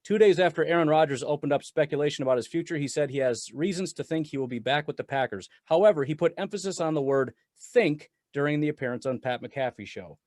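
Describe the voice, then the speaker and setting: A man talking sports as a guest on a casual podcast, animated and rambling with frequent laughs. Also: fairly high pitch, fast talker, few pauses, dry recording, clean studio sound. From Wisconsin. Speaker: guest Packers commentator.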